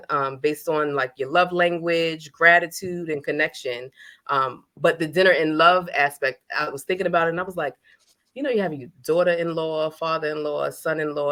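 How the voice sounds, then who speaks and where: Casting: New York-accented woman, bright forceful tone, frank, chatty guest. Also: low voice. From Brooklyn, New York. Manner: talkative, frank, easy laughter. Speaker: nonprofit founder, guest. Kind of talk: casual podcast conversation.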